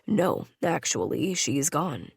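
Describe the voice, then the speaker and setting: A woman voicing a gruff, brooding male wolf-shifter alpha in an audiobook, speaking curtly in a low, grim tone. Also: very animated, takes it slowly, no echo, clean studio sound, heavily acted.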